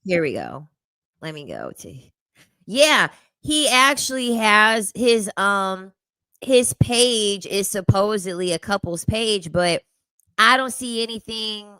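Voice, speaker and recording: A young woman talking through clips in casual commentary, with a sassy, slangy delivery full of laughter. Her voice is bright and forward. It sits dry and close on the mic. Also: mid-range voice, sing-song, slow, clean tone, dry recording. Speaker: commentary host.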